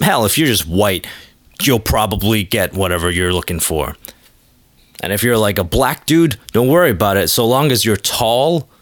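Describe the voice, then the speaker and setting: A man's voice: lowish voice, dry recording. A man hosting his own comedy podcast, rambling through a crude, self-deprecating monologue into a close mic. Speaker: podcast host.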